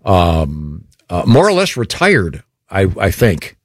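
An older man with a lowish voice, chatting loosely and cracking corny puns as he runs down a list of birthdays. The sound is dry and close, with little room echo. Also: huge pitch swings, slow pace. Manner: corny punning jokes, rambling birthday list. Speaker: radio show co-host. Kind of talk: casual banter.

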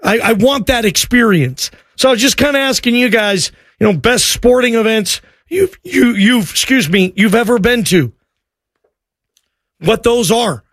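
On a call-in sports radio show, a male host with a high voice talks excitably and ramblingly, constantly restarting his sentences, though at a measured pace. The studio recording is dry and close, with no room sound at all.

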